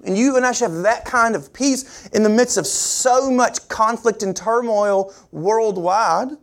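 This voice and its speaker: Earnest preacher with swinging emphasis. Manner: earnest, repetitive, rhetorical questions to the congregation; pitch and pace swing widely for emphasis. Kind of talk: sermon.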